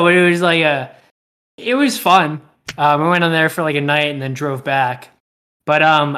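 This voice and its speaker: A young man co-hosts a podcast in loose, rambling chat, swearing freely and laughing along. His voice sits a little high and sounds bright and forward. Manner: rambling, profane, laughs often. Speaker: podcast co-host. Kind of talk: casual chat.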